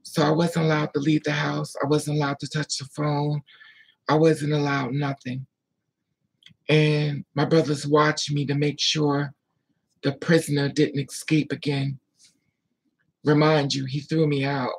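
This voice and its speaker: Speaking in a gravelly, husky voice heavy with vocal fry, a vlogger recounts their past in a casual story-time monologue, candid and emotional. The voice sits mid-range with a level tone and measured pace, often dropping to near-whispered asides and answering viewer comments aloud. Audio quality is poor.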